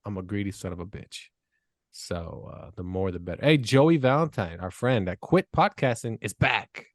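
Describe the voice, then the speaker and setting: A man's voice: lowish voice, animated, normal speed, no room sound, studio quality. A man hosting a comedy podcast, brash and teasing, cracking crude jokes in loose banter. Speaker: podcast host.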